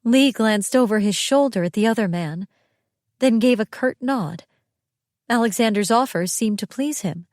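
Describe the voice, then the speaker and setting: A woman reading a first-person audiobook narration in a steady, tense storytelling manner. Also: a little high, normal speed, no echo, studio quality.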